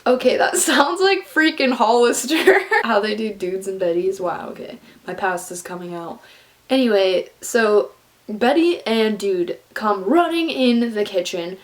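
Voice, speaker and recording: A young woman telling a personal story in a casual, animated way, full of "like" and the odd swear word. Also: medium pitch. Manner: animated, fillers of "like", swears for emphasis.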